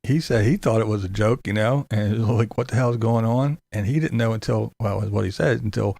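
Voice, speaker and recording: Profane guy hosting a chat show, laughs a lot, gravelly voice, dry close sound. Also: fairly low pitch, fairly quick, a little mellow, dry recording. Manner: profane, laughs often, incredulous. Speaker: commentary show host. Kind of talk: casual commentary to a live chat.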